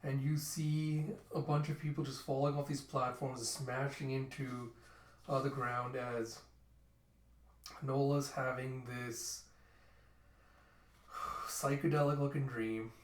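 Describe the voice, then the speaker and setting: A channel host reads a manga aloud, casually describing the panels as he goes with phrases like "you see" and "he's like." His medium-pitched voice is flat and slow, with long pauses, and the recording is roomy and echoey from a distant mic.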